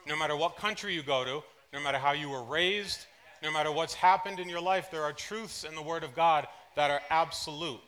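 A man preaching a sermon to a church congregation, telling personal anecdotes in an animated way, dropping to soft asides and then rising into loud excited bursts. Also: a little high, a little fast. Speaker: pastor. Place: church service.

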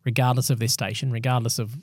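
A man's voice: mid-range voice, little pitch movement, fast talker, darkish tone, slightly rough, no echo, clean studio sound. Earnest man explaining scripture. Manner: earnest, explanatory, with affirming interjections. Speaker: podcast host. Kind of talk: conversational Bible discussion.

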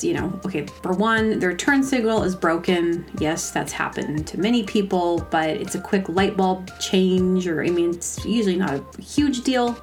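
Rambling, exasperated woman host. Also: medium pitch. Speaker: podcast host. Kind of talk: casual comedic rant.

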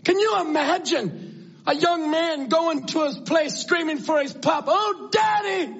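Impassioned high-voiced male preacher. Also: unhurried, vocal fry. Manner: impassioned, swings from loud cries to hushed prayer. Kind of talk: evangelistic sermon. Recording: dull lo-fi church tape with faint music.

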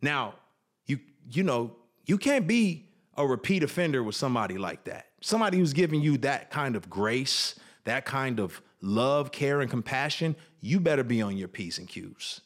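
A man talks earnestly about his own past, pausing, restarting and slowing down on the heavy parts. His voice sits at an ordinary middle pitch. The tone is reflective and sincere, like a candid personal conversation. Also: very animated. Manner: earnest and reflective, with many restarts and vivid retold quotes. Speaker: guest sharing his life story.

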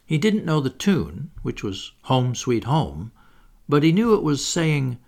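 A man's voice: medium pitch, big pitch swings, measured pace, gravelly, darkish tone. A man reading a children's story aloud, with wry asides to the listener. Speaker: audiobook reader. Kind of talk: scripted narration.

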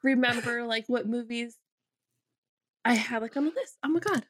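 A woman's voice: on the high side, moderate pace, a little hiss or hum. A woman, a guest on a podcast, chatting casually; she sounds nervous, laughs often and runs herself down. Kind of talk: casual chat.

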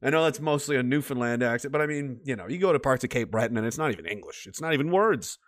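Profane, rambling man, lively pitch. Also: fast. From Nova Scotia. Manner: profane, rambling, laughs often. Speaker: host. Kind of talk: livestream chat reading comments.

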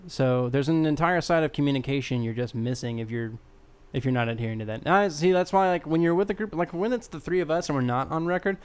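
A man's voice: a little high, quick pace, few pauses, clear, resonant tone. A man co-hosting a podcast in casual chat, making his points in a wry, articulate way. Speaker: podcast co-host.

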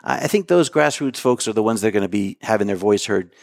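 A middle-aged man of middle pitch fields questions as a candidate, pressing his points and restarting sentences as he goes. The sound is dry and close, with no room around him. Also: quick pace, vocal fry, a little mellow, no echo. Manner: insistent, talks over the host, many restarts. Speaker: political candidate. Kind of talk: interview answers.

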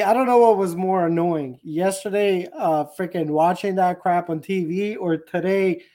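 A man chatting as a guest on a podcast, ranting in an animated, profane way and laughing often. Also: high voice. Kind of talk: casual podcast chat.

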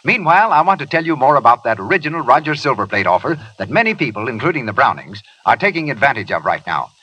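Male announcer, persuasive sales pitch, lively, bright, slightly husky. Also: fast, muffled recording. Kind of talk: 1930s radio advertisement.

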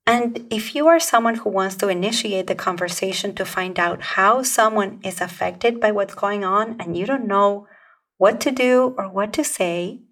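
A woman hosting a podcast, talking through communication advice in a calm, measured, explanatory way. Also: mid-range voice, distant mic. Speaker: podcast host. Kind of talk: scripted podcast talk on communication.

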